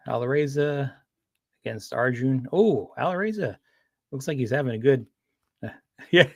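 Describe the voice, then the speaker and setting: A man's voice: mid-range voice, vocal fry, a bit bright, dry recording, clean studio sound. A man chatting casually on a livestream, rambling with frequent restarts and fillers. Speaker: streamer.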